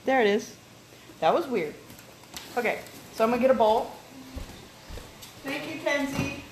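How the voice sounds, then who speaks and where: A woman's voice: fairly high pitch, expressive, moderate pace, darkish tone, slight background noise, poor audio. A woman casually showing off her kitchen appliances at home, chatting and checking in with her viewers as she goes. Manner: chatty, keeps checking in with "okay?". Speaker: home cook vlogger.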